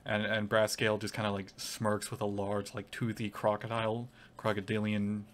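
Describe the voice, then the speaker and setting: Man, game master, tabletop game narration, rambling, filler-heavy, lowish pitch. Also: completely flat delivery, moderate pace, hardly any pauses, a bit bright, slight background noise.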